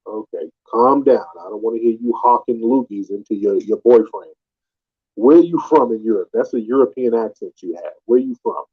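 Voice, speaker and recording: Through muffled, lo-fi stream audio, a live audio room host taunts and mocks callers, asking his questions again and again in combative call-in talk. He speaks at normal speed in a lowish, husky voice with lively intonation.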